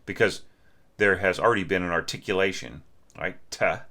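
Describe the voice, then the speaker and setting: A man's voice: deep voice, fairly quick, pushed and bright. A middle-aged man teaching orchestration, talking through a student's score and humming the phrases he means. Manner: sings phrases to illustrate, thinks aloud with restarts. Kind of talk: spoken critique of a score.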